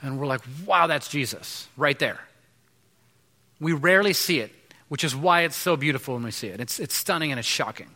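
A man's voice: mid-range voice, fast talker, sharp tone. A man in his thirties preaching a sermon to a congregation, conversational, with frequent restarts and fillers. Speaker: pastor. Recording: long reverb of a large hall.

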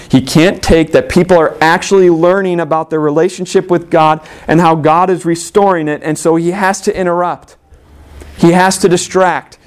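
A male pastor delivers a sermon in an earnest, emphatic way. His voice sits a little high for a man. He leans on rhetorical questions to press each point home. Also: darkish tone.

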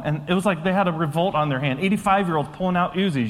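A man preaching a sermon as a pastor, telling stories in a conversational, animated way that swings from loud to hushed. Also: fairly high pitch, very fast, few pauses. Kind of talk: sermon with storytelling. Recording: long hall reverb.

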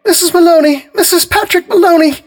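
A man voicing a middle-aged housewife who fakes grief, in a high, strained, breathless voice. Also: brisk. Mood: frantic.

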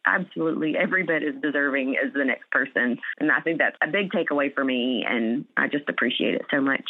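A woman's voice: a bass voice, quick pace, few pauses, no room sound. A woman, a cancer survivor being interviewed, speaking earnestly and emotionally with many fillers and restarts. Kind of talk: heartfelt conversational interview. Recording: tinny phone-like line.

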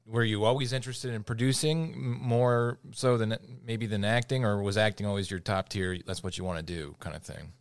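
Low-voiced man hosting an interview. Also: brisk, hardly any pauses, clean tone, dry recording. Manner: relaxed, joking, trailing fillers. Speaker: podcast host. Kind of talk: casual interview conversation.

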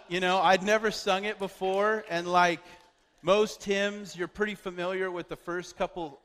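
A man's voice: high voice, fairly even intonation, normal speed, a bit bright, slight background noise. A man telling a personal story as a sermon, chatty, with lots of fillers and restarts. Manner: conversational, loose with fillers and restarts. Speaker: preacher. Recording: long hall reverb.

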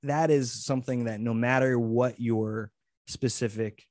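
Man, podcast co-host, earnest, rambling, restarts often, mid pitch, dry close sound. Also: fairly even intonation, measured pace, darkish tone, no room sound. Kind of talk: casual podcast chat.

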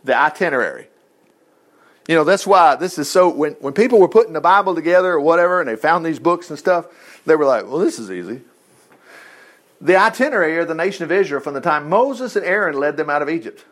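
A man's voice: on the high side, fast talker. A man leading an informal Bible study, reading scripture aloud, joking and acting out the quotes in a folksy way.

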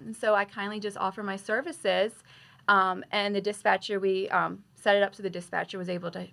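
Nurse telling a story. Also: female voice, medium pitch, a little fast, vocal fry. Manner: animated storyteller, acts out her own quoted lines. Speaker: nurse and guest. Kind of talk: conversational storytelling.

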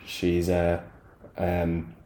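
Mellow, low-voiced man, hesitant. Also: monotone, very slow, a little hiss or hum. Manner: hesitant, many fillers and restarts. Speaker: podcast co-host. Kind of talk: casual film discussion.

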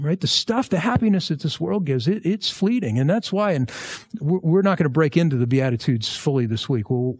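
A male pastor preaching a verse-by-verse sermon in a conversational way, with jokey asides and lively emphasis. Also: fairly high pitch, breathy edge, dry recording.

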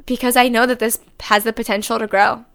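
A woman's voice: on the high side, little pitch movement, brisk, a bit bright, smooth. A woman hosting her own unscripted solo podcast, talking candidly and rambling, correcting herself as she goes and swearing casually. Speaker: podcast host.

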